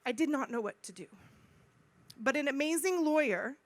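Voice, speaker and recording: Woman, conference speaker, high voice, animated storytelling, acts out dialogue. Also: moderate pace, no echo. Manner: animated, acts out dialogue, repeats phrases for emphasis. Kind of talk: personal storytelling talk. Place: conference stage.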